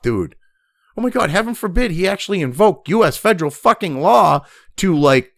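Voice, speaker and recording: A man's voice: high-pitched, gravelly, fairly bright tone, dry recording, studio quality. A man hosting a profane political rant, reading news aloud and then angrily mocking it. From United States. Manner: angry, crude, mocking, reads news then rants. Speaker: political commentary host.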